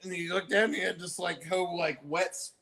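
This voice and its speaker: A man's voice: high-pitched, fairly even intonation, a little fast, creaky, noisy background. A man co-hosting a live stream, telling stories and laughing as he goes. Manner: storytelling, laughs as he tells it. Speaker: co-host. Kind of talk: casual live stream chat.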